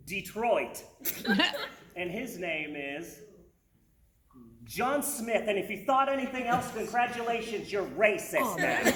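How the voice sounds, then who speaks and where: A woman's voice: mid-range voice, pushed and bright. A woman doing a stand-up comedy set on a stage, chuckling at her own jokes and restarting her sentences. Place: stage at a university drag show. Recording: echoey venue with background noise.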